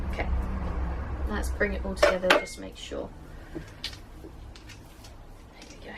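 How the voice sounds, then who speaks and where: A woman's voice: medium pitch, huge pitch swings, slow, long pauses, very noisy. Chatty woman baking at home. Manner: chatty and self-deprecating, talks to the dough. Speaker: baking vlogger. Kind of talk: casual how-to narration. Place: home kitchen. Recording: distant mic with faint kitchen clatter.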